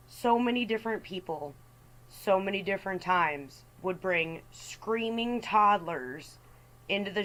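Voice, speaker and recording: A woman's voice: mid-range voice, a bit bright, rough recording. A woman hosting a storytime rant as a voice-over, talking in an exasperated way and mimicking the people in her stories. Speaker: storytime host.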